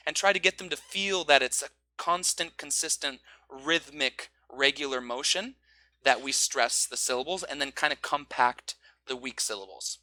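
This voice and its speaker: Bright-voiced male English teacher. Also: mid-range voice, no echo. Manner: demonstrates stress with drawn-out example phrases. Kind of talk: teaching video explanation.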